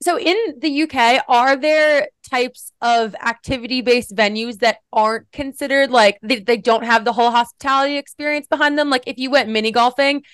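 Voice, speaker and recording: A woman's voice: a little high, fairly even intonation, moderate pace, hardly any pauses, fairly bright tone, clean tone, no echo. A woman co-hosting a podcast, asking her questions in a friendly way with hesitant fillers. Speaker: podcast co-host. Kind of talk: casual podcast interview.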